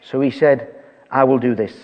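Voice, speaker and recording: A man's voice: medium pitch, steady tone, normal speed, in a large hall, dull audio. A man preaching a sermon, reading scripture aloud and talking it through conversationally with touches of humor.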